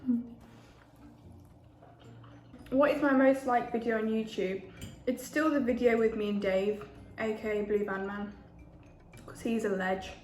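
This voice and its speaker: A woman in her 20s with a fairly high, slightly mellow voice speaks unhurriedly with a steady tone, pausing often. She's a food vlogger chatting between bites in a casual mukbang, recorded in an echoey room with faint ambience.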